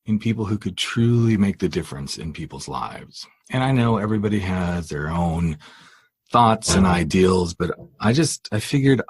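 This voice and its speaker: Husky-voiced man ranting on a podcast. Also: deep voice, expressive, normal speed, dry recording. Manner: emphatic, exasperated, rhetorical questions. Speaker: podcast host. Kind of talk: impassioned solo rant.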